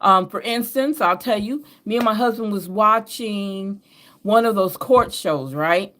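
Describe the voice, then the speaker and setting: A woman's voice: medium pitch, measured pace, fairly bright tone. A woman from New York with a Southern drawl picked up over the years, hosting a reading show in a chatty, rambling way with laughs and self-corrections. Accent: Southern US drawl over an upstate New York base. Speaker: host and astrology reader. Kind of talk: casual rambling chat.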